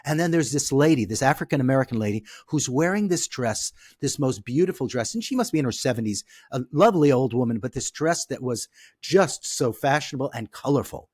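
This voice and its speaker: A man who is a podcast guest tells a personal story with great animation. His pitch leaps up and down, and he sits slightly high for a man. The sound is dry and close, with no room around him. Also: breathy edge, no room sound. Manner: expressive, repeats "okay?" to check in with the listener.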